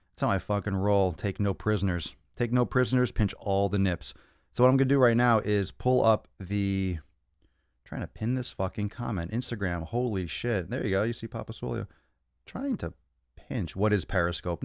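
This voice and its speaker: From a home studio lined with monitors and cameras, a young fitness podcast host takes viewer questions in a casual livestream, brash, profane and full of jokes. His voice sits on the low side and sounds smooth, with no room sound.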